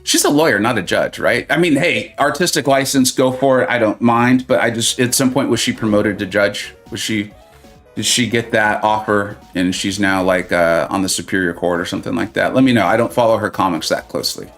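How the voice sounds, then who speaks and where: A man's voice: on the low side, steady tone, a little fast, a bit bright, soft background music. A man hosting a live mobile-game stream, chatting and joking with viewers, reading their comments aloud and laughing often.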